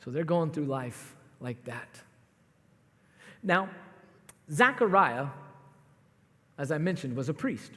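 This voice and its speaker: High-voiced pastor preaching in a reverberant hall. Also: male voice, slow, pauses often. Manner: conversational, animated storytelling with asides to the audience. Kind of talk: sermon.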